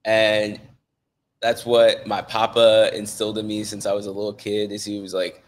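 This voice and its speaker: A man's voice: on the low side, completely flat delivery, moderate pace. A young man, a fitness coach, talking casually as a guest and telling stories earnestly, acting out his own thoughts. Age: young adult. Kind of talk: casual conversation.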